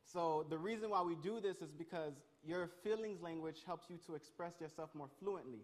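A man leading an interactive Bible lesson, energetic and calling on his listeners. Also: on the high side. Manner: energetic, calls on the crowd, quick restarts. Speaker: youth pastor.

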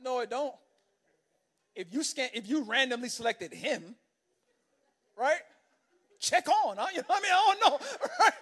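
A man preaching a sermon as an animated, conversational storyteller who keeps checking in with the congregation by asking "right?". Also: very high voice, moderate pace, pauses often. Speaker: pastor.

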